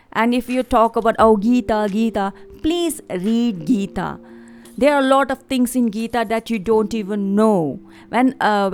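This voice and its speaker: A woman's voice: medium pitch, a little mellow. A woman with an Indian accent, hosting her own channel and giving a fervent, preachy spiritual talk with repeated phrases. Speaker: tarot reader and channel host. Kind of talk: spiritual monologue to camera.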